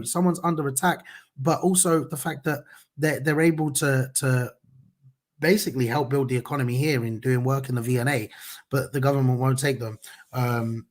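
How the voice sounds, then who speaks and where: Passionate man hosting news commentary. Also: medium pitch. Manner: passionate, conversational, many fillers and restarts. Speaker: news show host.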